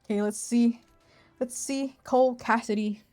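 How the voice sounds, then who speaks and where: A young woman streaming a game, chatting casually and filling gaps with silly humming and meows. Her voice sits a little high and mellow. The sound is dry and close. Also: fairly even intonation, moderate pace, no echo, soft background music. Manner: playful, hums nonsense and meows between chatter.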